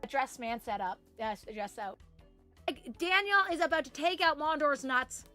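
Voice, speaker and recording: A woman's voice: high voice, expressive, normal speed, pushed and bright, faint music behind. A woman streaming a video game, chatting casually with viewers, giggly and swearing freely, with many fillers. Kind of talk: casual live-stream chat.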